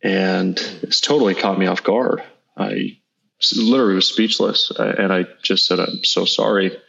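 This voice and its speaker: A man in his thirties speaks low, with a gravelly edge of vocal fry. He tells a personal story in an earnest, halting way, restarting small phrases as he goes. The audio is slightly dull and lo-fi. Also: fairly even intonation, a bit bright. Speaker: guest entrepreneur. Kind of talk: reflective storytelling in an interview.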